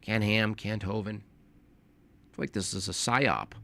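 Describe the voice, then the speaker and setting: A man's voice: fairly low pitch, fairly even intonation, slow, a bit bright. A young man talking casually on a live stream, rambling and correcting himself, with informal slang.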